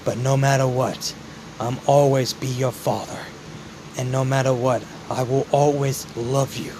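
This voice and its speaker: A man voicing a gentle, regretful late father who speaks low and solemnly to his son in a fan-made story. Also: flat delivery, unhurried, noisy background, close to an everyday voice.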